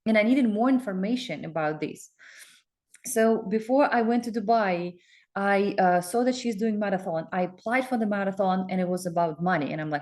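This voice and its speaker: Excited rambling woman coach. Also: mid-range voice, moderate pace. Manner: excited, rambling, with many fillers and restarts. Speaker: coach promoting a focus group. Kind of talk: casual self-promotional talk with screen share.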